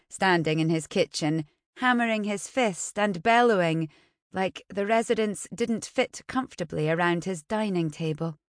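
A woman reading a novel aloud as an audiobook narrator, in a measured, somber way. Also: lowish voice, no room sound, studio quality. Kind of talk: scripted narration.

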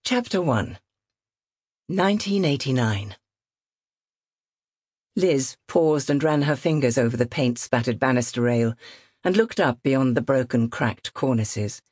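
A woman narrating a novel in a measured, expressive reading. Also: very deep voice, slightly rough, no echo, clean studio sound. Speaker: audiobook narrator. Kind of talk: scripted narration.

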